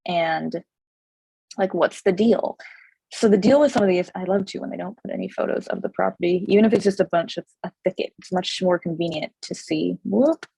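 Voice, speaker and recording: A woman realtor with a slightly hoarse voice and a Californian accent, chatting casually with many fillers and restarts. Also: on the low side, fairly quick, dark tone, no room sound, rough recording. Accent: Californian English. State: slightly hoarse, losing her voice. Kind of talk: casual explainer video.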